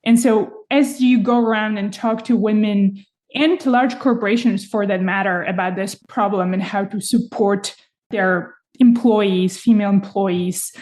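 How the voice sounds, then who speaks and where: A woman's voice: mid-range voice, a little slow, a little mellow. A woman hosting a podcast interview, encouraging and asking long, thoughtful questions. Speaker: podcast host. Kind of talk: interview host.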